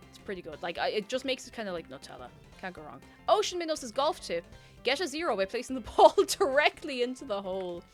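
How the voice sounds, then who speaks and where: A woman livestreamer rambles through casual chat with her viewers. She giggles often and pokes fun at herself. Faint music plays in the background. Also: medium pitch. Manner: rambling, giggly and self-mocking.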